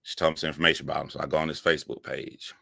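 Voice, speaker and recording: A man telling a profane comic story, animated and laughing, jumping up in pitch for emphasis. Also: rapid-fire, vocal fry, dry recording. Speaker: comedic storyteller.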